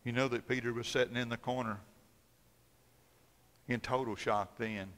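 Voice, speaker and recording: A male pastor preaching a sermon, telling the story dramatically, swinging between loud emphasis and hushed tones. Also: medium pitch, fairly even intonation, normal speed. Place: church sanctuary. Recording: long church hall reverb.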